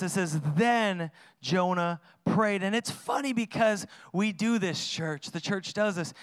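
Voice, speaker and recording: A man preaching a sermon in a conversational, energetic way, with sudden loud emphases. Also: high-pitched, clean tone, dry recording. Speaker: pastor.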